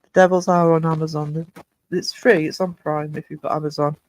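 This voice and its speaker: A man's voice: fairly high pitch, little pitch movement, a little fast. A man hosting a livestream in casual chat, reading out viewer comments and greeting people by name. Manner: chatty, reads viewer comments aloud and greets them. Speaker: livestream host.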